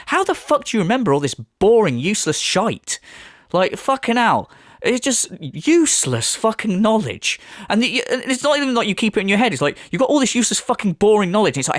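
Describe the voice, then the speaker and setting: A sarcastic man rants through a mocking commentary, swearing freely. His pitch sits a touch high and swings widely as he scoffs. The sound is close and dry. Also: big pitch swings, fast talker, no room sound. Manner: sarcastic, swears heavily, mocks in put-on voices. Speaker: commentary video host.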